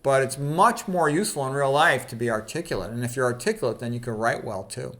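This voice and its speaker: Brief: man, mid-pitched, easygoing solo talk, reads quotes and comments offhand, peppered with "okay". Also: animated, quick pace, a bit bright. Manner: conversational, fillers like "okay" and "you know", opinionated asides. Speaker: channel host. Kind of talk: casual talk reading quotes.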